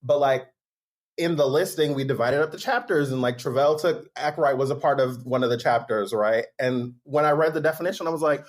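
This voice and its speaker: A man's voice: medium pitch, a little fast. A man who is a guest author on a podcast, talking things through casually with lots of "like" and "right?". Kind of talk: casual chat.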